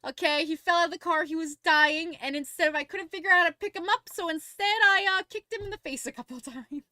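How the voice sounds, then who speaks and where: A young woman streaming, chatting casually and telling a rambling, animated story full of fillers. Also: very high voice, fast talker, no echo, clean studio sound. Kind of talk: casual livestream chat and visual novel read-along.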